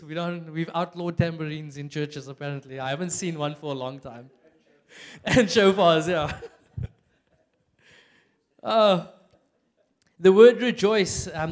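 A high-pitched young man with a South African accent preaches in a loose, joking way. He talks like a friend telling a story, full of "like" and quick asides. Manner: chatty and animated, with many "like" fillers and bursts of laughter. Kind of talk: casual, humorous sermon. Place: church.

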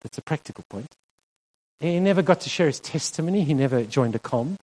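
Male pastor, fairly high voice, conversational sermon delivery with frequent laughs. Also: animated, fairly quick, darkish tone, slight background noise. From South Africa. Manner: earnest, conversational, laughs often, voice rises when stressing a point. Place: church hall.

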